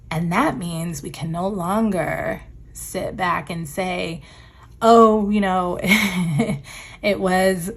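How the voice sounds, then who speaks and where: A woman's voice: lowish voice, creaky, breathy edge. A woman giving a tarot reading in a casual, reflective way, reading card meanings aloud and laughing easily. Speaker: tarot reader.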